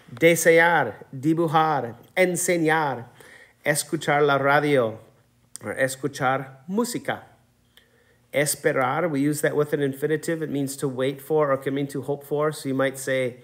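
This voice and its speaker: A man teaching a Spanish class in a recorded lesson, steadily reading out vocabulary words and explaining their accents. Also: medium pitch. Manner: steady, patient, reads word lists aloud and explains accents.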